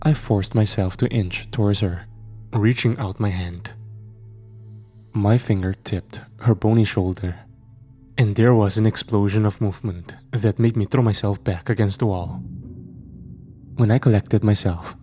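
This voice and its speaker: A man reading a first-person horror story aloud in a measured, steady storytelling manner. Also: on the low side. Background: faint background music.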